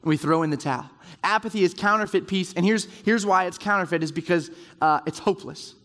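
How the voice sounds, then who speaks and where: A man's voice: high voice, fast talker, a bit bright, big-room sound. A man giving a conversational sermon to a room of men, acting out quoted inner voices as he goes. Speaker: speaker at a men's group. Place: large room with round tables.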